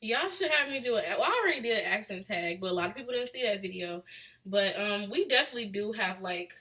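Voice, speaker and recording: A woman's voice: medium pitch, lively intonation, fast talker, sharp tone. A young woman from Chicago with a Chicago accent, chatting casually with a live chat, reading out questions and laughing. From Chicago, USA. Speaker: vlogger answering live chat.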